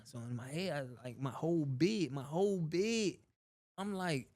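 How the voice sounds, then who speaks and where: As an interview guest, a man tells casual stories thick with street slang and loose repetition, often saying "bro" and "you know what I'm saying." His voice is a little higher than most men's, and he stays animated, swinging up and down as the story unfolds. He talks at a moderate pace.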